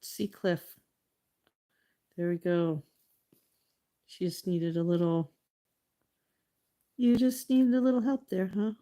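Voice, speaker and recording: A woman's voice: lowish voice, fairly even intonation, takes it slowly, pauses often, warm tone. Chatty middle-aged woman painting live. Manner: chatty, talks to her painting and viewers. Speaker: artist livestreaming. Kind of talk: casual chat while painting.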